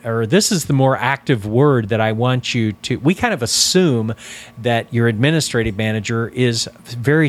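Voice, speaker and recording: A man coaching financial advisors in a deliberate, instructional talk, stressing key words as he explains. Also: medium pitch.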